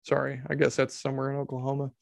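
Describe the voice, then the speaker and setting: A man's voice: medium pitch, completely flat delivery, very fast, creaky, no room sound, clean studio sound. A man giving casual comedic commentary, sarcastic and incredulous, swearing freely.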